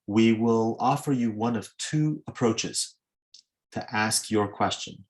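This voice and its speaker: A man's voice: fairly low pitch, takes it slowly. A man moderating a video-call question session, courteous and lightly joking, with frequent ums and uhs. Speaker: moderator of an online Q&A.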